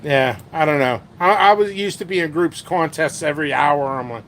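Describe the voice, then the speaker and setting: A high, bright-voiced man rambles slowly through a casual live-stream chat, joking and poking fun at himself. He sounds set back from the mic, with faint noise in the background. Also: recorded from a distance. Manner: rambling, joking, self-mocking. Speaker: host of a pepper and hot sauce channel.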